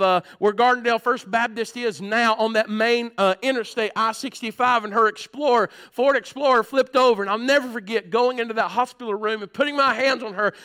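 A man pastor, preaching a sermon from a church pulpit. He tells stories earnestly and swings between loud and hushed. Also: extremely high pitch.

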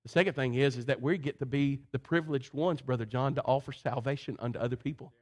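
A man's voice: medium pitch, fast talker. A male preacher who tells a story as he preaches. He calls out to congregants by name between lines. His delivery rises and falls with the tale. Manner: animated, addresses congregants by name. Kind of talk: sermon with storytelling.

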